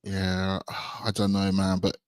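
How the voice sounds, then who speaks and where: Low-voiced young man, dry sound. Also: completely flat delivery, unhurried, darkish tone, clear, resonant tone, no echo. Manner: hesitant, stammering restarts. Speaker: podcast co-host. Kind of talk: casual football chat.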